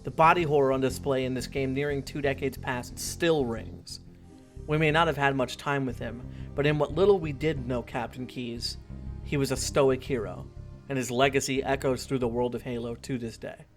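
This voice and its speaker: A man's voice: mid-range voice, fairly even intonation, normal speed, soft background music. A man in his twenties narrating a scripted video essay in an earnest, reflective way.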